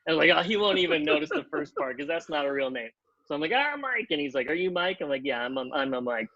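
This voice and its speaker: A man telling a long anecdote on a podcast, animated, acting out the other people in pitched-up voices and leaning on "like" as he talks. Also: fast, no room sound, dull audio. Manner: animated, acts out quotes in pitched-up voices, many "like" fillers. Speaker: podcast guest, TV comedy writer. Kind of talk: casual storytelling.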